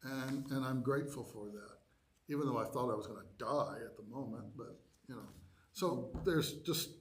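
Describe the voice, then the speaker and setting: A man telling a personal story to a church adult education class, acting out his own reactions in lively quoted asides. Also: medium pitch, moderate pace, a little hiss or hum.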